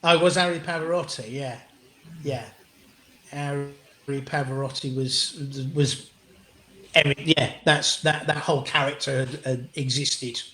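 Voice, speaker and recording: A middle-aged English man, a comedian guest, telling anecdotes in an animated, casual way with frequent restarts and the odd swear word. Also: mid-range voice, unhurried. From England. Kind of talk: anecdotal storytelling in an interview. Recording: roomy echo.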